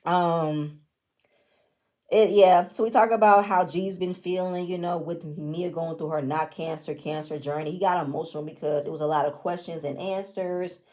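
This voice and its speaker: A woman's voice: on the low side, steady tone, normal speed, dark tone. A woman giving casual review commentary on a reality show, blunt, opinionated and often profane. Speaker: reality TV recapper.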